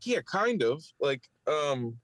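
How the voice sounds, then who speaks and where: A man's voice: on the high side, sing-song, takes it slowly, a bit bright, dry recording, poor audio. A man with a Philadelphia accent, a podcast co-host and stand-up comic, telling a story in casual chat and mimicking others in raised voices. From Philadelphia area.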